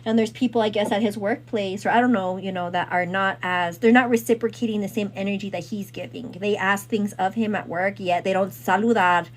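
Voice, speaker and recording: A woman host retelling a story in casual chat, rambling and animated, with lots of fillers. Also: mid-range voice, fairly quick, few pauses.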